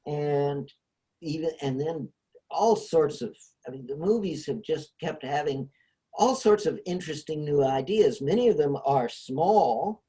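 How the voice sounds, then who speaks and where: A man's voice: fairly high pitch, animated, slow pace, warm tone. A man hosting a casual discussion over a video call, explaining ideas with frequent hesitations. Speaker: host.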